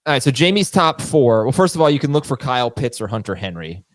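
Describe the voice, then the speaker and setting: A man hosting a fantasy football show in casual chat, animated and quick to laugh at himself. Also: mid-range voice, no echo. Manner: animated, laughing, self-mocking. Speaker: podcast host.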